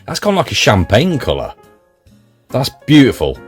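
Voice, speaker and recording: A man's voice: medium pitch, wildly swooping pitch, moderate pace, husky, soft background music. A British man gives casual, enthusiastic commentary while unboxing a parcel. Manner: enthusiastic and chatty.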